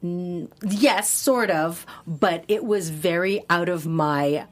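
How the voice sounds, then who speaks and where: A woman's voice: lowish voice, slow pace. A woman from Hawaii, an actress, chatting candidly and expressively in an interview. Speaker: actress guest. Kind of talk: casual interview conversation.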